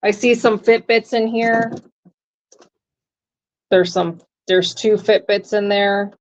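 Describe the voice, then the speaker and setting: A woman co-hosting a live-stream auction, calmly describing the items she shows. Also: mid-range voice, slow, dull audio. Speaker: co-host showing auction items. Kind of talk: casual live-stream commentary.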